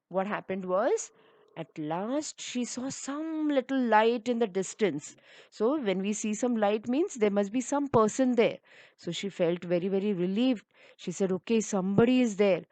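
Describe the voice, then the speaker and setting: A woman's voice: medium pitch, a little mellow, no room sound. A woman teacher who reads a children's story aloud and then explains its words in simple terms.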